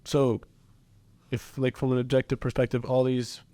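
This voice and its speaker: A smooth-voiced man asking halting questions. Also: mid-range voice, monotone, warm tone. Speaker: podcast co-host asking questions. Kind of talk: casual podcast conversation.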